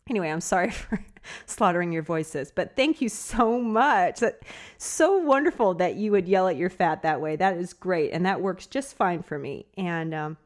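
A woman's voice: lowish voice, lively intonation, normal speed. A woman hosting a podcast who chats casually, laughs often mid-sentence and reads listener emails aloud. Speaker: podcast host.

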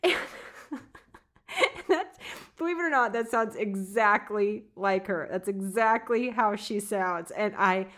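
A woman's voice: mid-range voice, a little slow, few pauses, fairly bright tone. A woman hosting a podcast who chats casually, laughs often mid-sentence and reads listener emails aloud. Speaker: podcast host.

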